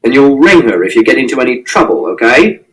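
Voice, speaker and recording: A man voicing a wry, patient middle-aged male policeman in a novel reading, speaking slowly and drily. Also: mid-range voice, big pitch swings, fairly bright tone, voice pushed down. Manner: dry, slow, mildly exasperated. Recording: distant mic.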